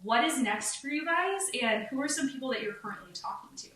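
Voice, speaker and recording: A young adult woman hosting a casual podcast interview, chatty and quick to laugh. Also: high-pitched, expressive, fairly bright tone, recorded from a distance. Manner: chatty, laughs often, quick topic shifts. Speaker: podcast host. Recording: echoey room, voice off-mic.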